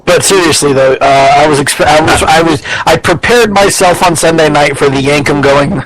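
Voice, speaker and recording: A man with a fairly high voice co-hosting a loose chat podcast. He rambles through his opinions, piles up ums and restarts, and drops swear words without a second thought. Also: moderate pace, hardly any pauses, a bit bright, low-quality recording. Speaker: podcast co-host. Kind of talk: casual wrestling podcast chat.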